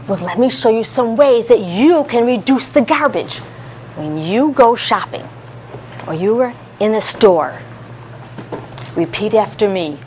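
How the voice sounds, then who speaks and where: A woman leading a classroom lesson for young children, coaxing them through call-and-response in an animated, sing-song way. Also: a little high, a little slow, slight background noise. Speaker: early childhood educator.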